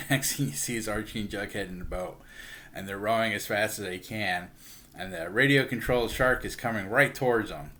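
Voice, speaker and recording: A man's voice: lowish voice, brisk, pushed and bright. A man casually retelling a comic book story, acting out the characters' lines with a chuckle here and there. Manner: chatty, acts out characters with lots of "he's like"; chuckles while telling. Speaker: book reviewer.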